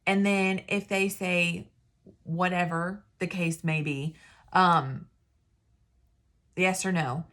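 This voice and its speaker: A woman talks straight to her viewers in a casual, rambling way, restarting sentences and trailing off. Her voice sits a little low for a woman. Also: fairly even intonation, slow, long pauses, a bit bright. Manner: rambling, chatty, self-interrupting. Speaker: independent sales consultant. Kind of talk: casual talking-to-camera advice.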